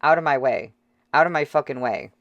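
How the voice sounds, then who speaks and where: A reader voicing a fierce, defiant young woman who swears coarsely and shouts in a shrill voice, in an audiobook. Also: normal speed, dry recording, dull audio. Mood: furious.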